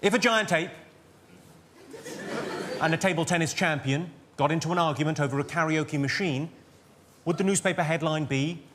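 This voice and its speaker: A man with a notably high voice works a theatre crowd, dropping crude one-liners in a flat, deadpan delivery. He talks into a handheld mic on stage. Loud laughter from the audience fills the space behind him. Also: normal speed, long pauses, noisy background. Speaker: stand-up comedian. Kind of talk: stand-up routine.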